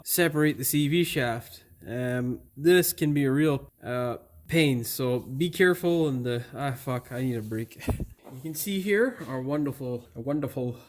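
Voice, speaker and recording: A man working in a garage as he explains a car repair, often frustrated and swearing under his breath, picked up by a camera mic a few feet off. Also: on the high side. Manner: frustrated, swearing and muttering to himself while working. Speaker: auto mechanic host. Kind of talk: hands-on repair tutorial. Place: auto repair garage, indoors.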